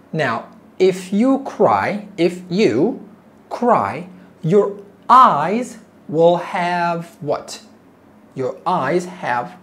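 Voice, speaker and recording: A woman teaching English to learners, repeating words slowly and asking questions. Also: fairly low pitch. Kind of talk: slow, deliberate ESL lesson.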